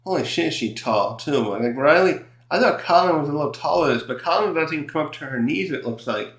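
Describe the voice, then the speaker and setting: Man, a touch high-voiced, chatty reviewer who trails off and restarts a lot, recorded in a roomy, echoey space. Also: expressive, brisk, a bit bright. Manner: rambling, many fillers and self-corrections; laughs often while recapping. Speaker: manga chapter reviewer. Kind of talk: casual chat. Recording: roomy echo.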